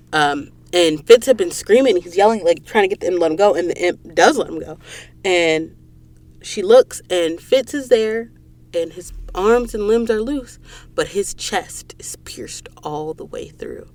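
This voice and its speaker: Speaking into a studio mic in a recording booth, this podcast host has a lowish, slightly mellow voice and an unhurried pace. On her casual book recap show she retells the plot dramatically and emotionally, addressing listeners directly.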